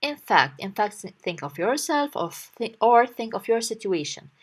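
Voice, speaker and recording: A woman's voice: fairly high pitch, big pitch swings, normal speed. A young woman teacher patiently explaining a story word by word in a language lesson.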